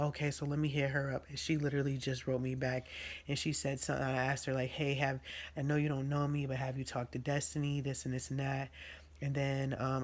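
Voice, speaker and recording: A man venting in a diary-style vlog, rambling with slang and fillers, his nose running from allergies. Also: medium pitch. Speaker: vlogger. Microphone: recording on a phone.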